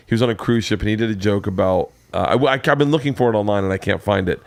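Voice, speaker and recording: A man hosting a podcast, telling stories in an animated way and laughing often. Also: on the low side, rapid-fire, vocal fry, no echo. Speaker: podcast host. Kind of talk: casual podcast chat.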